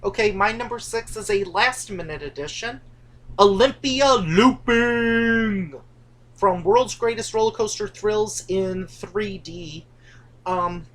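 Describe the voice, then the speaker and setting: A woman co-hosting a casual chat about theme park rides, teasing and chatty, recorded indoors. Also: mid-range voice. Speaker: co-host of a coaster channel. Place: indoors, dim room at home.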